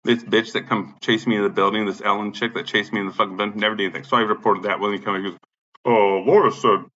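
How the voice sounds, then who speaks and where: A man's voice: lowish voice, flat delivery, racing, sharp tone. A man in an angry, profane rant, agitated, repeating himself and swearing constantly. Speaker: vlogger. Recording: dull lo-fi sound.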